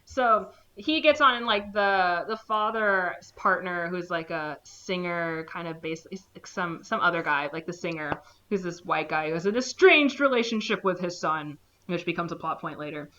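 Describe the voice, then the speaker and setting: A female podcast co-host casually recaps a film, animatedly acting out the characters' lines with jumps in pitch and plenty of "like" fillers. She speaks at a moderate pace, and the recording has its highs cut off plus a little hiss or hum.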